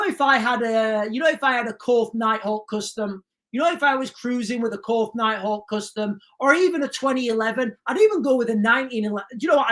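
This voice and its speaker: A British man hosting a livestream, ranting emphatically and repeatedly addressing his viewers as ladies and gentlemen. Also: extremely high pitch. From United Kingdom. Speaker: livestream host.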